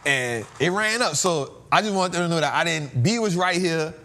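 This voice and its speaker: Man, show host, casual storytelling, slangy, lively up-and-down voice, a bit high. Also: normal speed. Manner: animated and slangy, laughs often.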